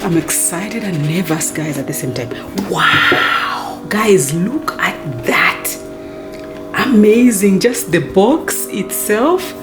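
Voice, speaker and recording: A woman with an American accent filming a casual unboxing vlog, gushing with excitement, calling her viewers "guys" and dropping to soft near-whispers as she handles the box. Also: mid-range voice, slow, echoey room, loud music behind the voice. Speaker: unboxing vlogger.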